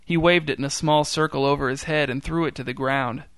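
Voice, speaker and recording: A man narrating a short story in a dry, deadpan storytelling manner. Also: a little high, fairly quick, no echo.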